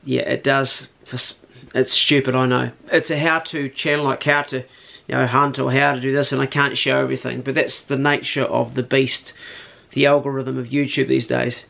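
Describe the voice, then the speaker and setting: A man's voice: mid-range voice, gravelly, fairly bright tone. A man, chatting casually and slangily in his hunting vlog, first out on a farm and then indoors. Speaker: hunting vlogger.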